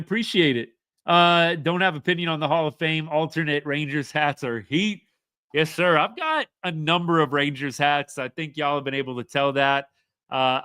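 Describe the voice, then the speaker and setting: A young man talks through sports in a casual live show. His voice sits a little high and rings bright and forceful. The sound is dry and close, with no room around it. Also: no echo. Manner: chatty, opinionated, answers viewer comments. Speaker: podcast host.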